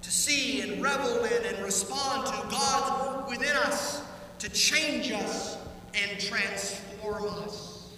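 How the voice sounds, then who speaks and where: A man preaching a sermon as pastor, animated, acting out the voices he quotes, in a church sanctuary. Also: high voice, slow, a little hiss or hum. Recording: echoey church hall, heard from a distance.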